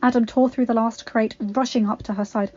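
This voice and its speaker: A woman reading a fanfiction story aloud with expressive, dramatic narration. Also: a little high, brisk, muffled recording. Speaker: fanfiction reader.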